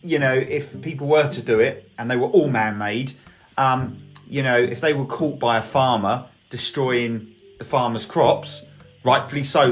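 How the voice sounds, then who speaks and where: A man co-hosting a podcast, rambling and joking in casual chat and acting out little quoted scenes. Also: medium pitch. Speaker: podcast co-host.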